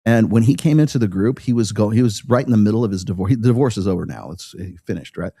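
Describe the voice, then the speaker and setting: A man's voice: fairly low pitch, expressive, fast talker, vocal fry, dark tone, husky, no echo, studio quality. A man hosting a podcast in casual chat, blunt and profane, often tagging his points with "right?". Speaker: podcast host.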